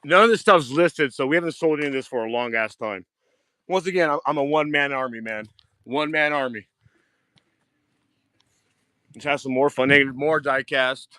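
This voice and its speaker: A man giving a casual live-stream tour of his diecast collection, excitable, swearing freely and repeating himself. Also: on the high side, a little fast, no echo. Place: home storage rooms and outdoors at night.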